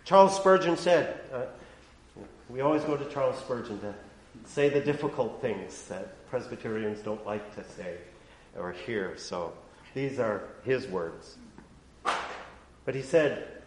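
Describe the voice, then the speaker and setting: Man, pastor, sermon, slow delivery, roomy church echo. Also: medium pitch, expressive, slight background noise. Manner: preaching with sharp swings from hushed to loud.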